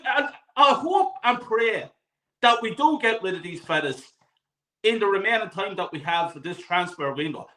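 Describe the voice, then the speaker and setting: A man's voice: high voice, bright, forceful tone, reverberant, poor audio. A man on a football fan panel, blunt and exasperated, swearing freely as he vents about his club. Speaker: panel guest. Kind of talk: heated football panel chat.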